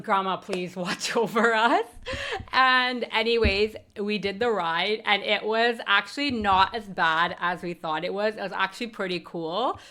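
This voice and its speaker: A woman podcast host telling a personal story in a candid, emotional monologue, swearing freely and moving between quiet, heavy moments and bright ones. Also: mid-range voice.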